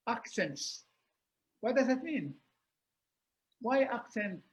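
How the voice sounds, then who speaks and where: An older man with a Filipino accent, explaining words in a webinar talk, repeating each one and often laughing. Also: very high-pitched. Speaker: guest professor.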